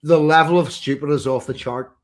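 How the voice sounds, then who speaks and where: Man, stream host, blunt, profane, fairly high voice. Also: fairly quick. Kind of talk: casual political chat on a livestream.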